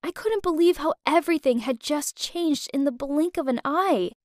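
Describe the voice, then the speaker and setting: High-voiced young woman telling a story. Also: normal speed, no room sound, studio quality. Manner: lively, emotive telling. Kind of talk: first-person story narration.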